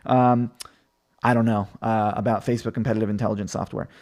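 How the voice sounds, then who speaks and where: A man's voice: fairly low pitch, little pitch movement, fast talker, darkish tone. A man hosting a live stream, answering viewer questions about marketing in a loose, conversational way with plenty of fillers.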